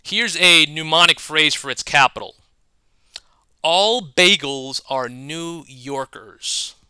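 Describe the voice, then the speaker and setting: Slow, bright-voiced man explaining. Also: on the high side, clean tone, no echo. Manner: measured, with wordplay asides. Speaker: educator. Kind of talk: scripted explanatory narration.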